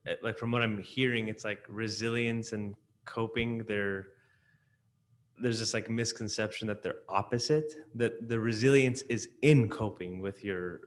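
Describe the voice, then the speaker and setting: A man in the audience sharing a rambling comment, heavy on fillers, getting animated at times. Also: fairly low pitch, unhurried. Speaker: audience member.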